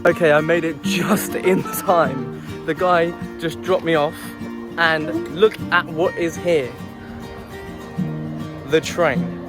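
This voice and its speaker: A man's voice: on the high side, slow pace, long pauses. Give me a jittery young man vlogging at night outdoors. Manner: jokey, self-mocking, nervous chatter. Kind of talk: walking vlog talking to camera. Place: outdoors at night in woods and fields, walking. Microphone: handheld phone camera. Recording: background music over outdoor phone audio.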